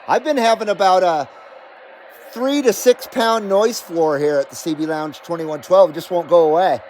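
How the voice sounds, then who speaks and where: High-voiced American man chatting on a livestream. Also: normal speed, darkish tone, a little hiss or hum. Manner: chatty, reads viewer comments aloud, swears casually. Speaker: CB radio livestream host. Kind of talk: casual livestream chat. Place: home radio room.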